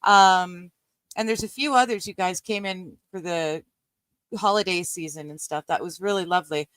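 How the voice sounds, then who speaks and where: A woman's voice: lowish voice, normal speed, a bit bright, no echo. Middle-aged Canadian woman, streamer chatting with viewers, rambling and giggly, lots of ums, dry close-mic sound. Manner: chatty and rambling, laughs often, many ums. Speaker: live-stream host reading a book aloud. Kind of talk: casual live-stream chat with viewers.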